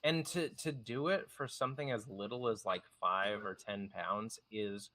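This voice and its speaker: A man's voice: fairly low pitch, measured pace, pushed and bright. A young man chatting casually while gaming, laid-back and slangy. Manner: laid-back, slangy, calls others "bro". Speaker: streamer.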